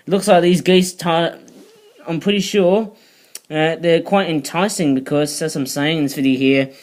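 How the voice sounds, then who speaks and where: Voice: mid-range voice, moderate pace, darkish tone, low-quality recording. Rambling British toy reviewer. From United Kingdom. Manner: rambling, digressive, with frequent asides. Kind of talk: casual vlog review.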